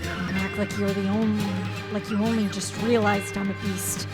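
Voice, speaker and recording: A woman voicing a cold, murderous male beast lord in a visual novel, speaking low and menacing. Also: moderate pace, music in the background, natural voice. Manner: low, menacing, steady threats.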